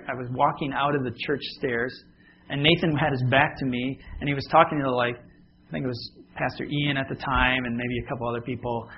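A man's voice: mid-range voice, highs cut off, a little hiss or hum. A man preaching a sermon as pastor, talking casually and joking with his congregation.

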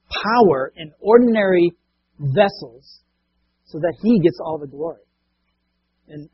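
Husky-voiced man preaching conversationally. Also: on the high side, muffled recording. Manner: conversational, asks rhetorical questions. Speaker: pastor. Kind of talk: sermon.

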